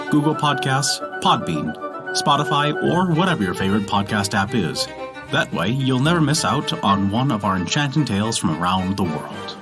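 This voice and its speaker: A man telling a folk tale as a podcast storyteller, in gentle, expressive scripted narration. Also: medium pitch.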